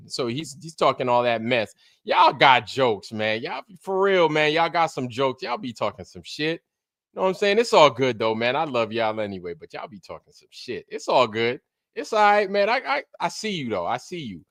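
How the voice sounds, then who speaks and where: A man's voice: mid-range voice, very animated, normal speed, bright, forceful tone, no echo, clean studio sound. A man from Brooklyn, hosting a casual livestream and greeting viewers in a loose, profane way. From Brooklyn, New York. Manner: loose and profane, drops into put-on voices. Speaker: livestream host.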